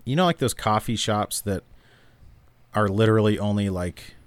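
Man from new mexico, low voice, rambling casual chat, dry close sound. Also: moderate pace, no room sound. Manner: rambling, filler-heavy storytelling. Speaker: podcast co-host.

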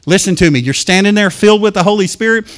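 A man delivers a fervent sermon in a church, his voice sitting high for a man. He tells his stories with force and then drops to a hush, speaking straight to the congregation. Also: fast talker. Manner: fervent preaching, storytelling, swings from loud to hushed; addresses congregation directly. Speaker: pastor.

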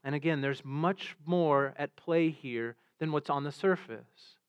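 A man's voice: on the high side, measured pace, smooth. A man preaching a sermon as pastor, earnest, often repeating words as he restarts. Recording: dull lo-fi sound.

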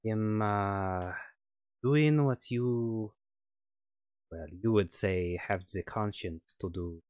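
A man's voice: fairly low pitch, drawn-out words, darkish tone, clear, resonant tone, no room sound, clean studio sound. A man voicing a scheming French woman scientist with a wavering put-on French accent. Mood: cold, reasoning.

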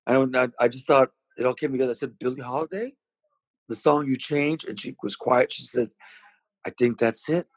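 A man's voice: mid-range voice, steady tone, brisk, breathy edge, dry recording, rough recording. A man being interviewed, telling long rambling stories about his singing with many restarts. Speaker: interview guest, singer. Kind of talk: casual storytelling.

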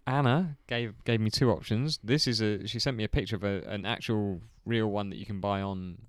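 A man's voice: on the low side, steady tone, brisk, slight background noise. A man hosting a casual podcast chat, laid-back and chuckling, reading out listener answers with plenty of ums. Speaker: podcast host.

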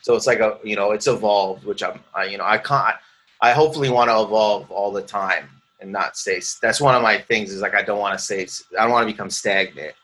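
A man in his thirties from Canada who talks in a ranty, stream-of-consciousness way. His voice is bright and forward, and he keeps breaking into quick playful impressions as he tells stories in a casual interview. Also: on the low side. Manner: ranty, rambling storytelling with playful put-on voices. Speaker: stand-up comedian, guest.

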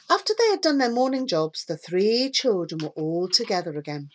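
A woman reading a children's story aloud, with a lively, expressive delivery. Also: mid-range voice, normal speed, few pauses.

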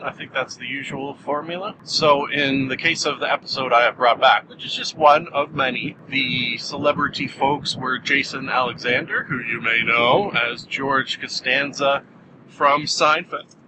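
A man talks through a casual review of television shows, wandering off into jokes and asides about what he just said. His voice sits at an ordinary middle pitch. The recording carries a clear background hiss of passing vehicles. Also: unhurried. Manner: joking, self-interrupting asides. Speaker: TV review show host. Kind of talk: casual rambling commentary.

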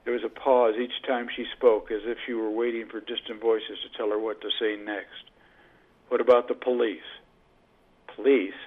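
A man reading a story aloud as an audiobook narrator, in measured storytelling style. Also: on the low side, level tone. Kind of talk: scripted narration. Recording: tinny phone-like band.

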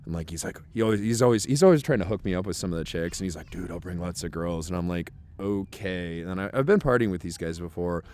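Man, podcast host, excitable and profane, drinking outdoors. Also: sits low, racing, hardly any pauses. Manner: profane, excitable, lots of restarts. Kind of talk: rambling storytelling. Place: outdoors in a park.

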